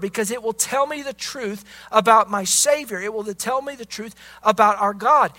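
A bright, forceful man delivers a sermon with fervent emphasis. He keeps punctuating his points with calls to listen and bursts of praise. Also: extremely high pitch. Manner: emphatic, with repeated "listen" and "praise God" interjections. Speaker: preacher.

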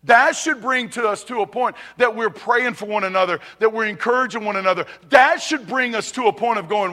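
A man preaches to his congregation in a high, light voice. He talks conversationally, restarts phrases and keeps asking if they are ready. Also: a little fast, hardly any pauses, pushed and bright. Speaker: pastor. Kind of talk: sermon. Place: church sanctuary.

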